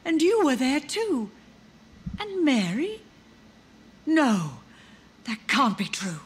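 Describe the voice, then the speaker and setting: A woman playing an elderly mother in a video game, soft-spoken, wistful and drifting in her thoughts. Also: sits high, very animated, slow pace, heavily acted. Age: older. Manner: soft, wandering, wistful delivery. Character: elderly grieving mother, gentle but confused. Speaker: game character. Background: game music.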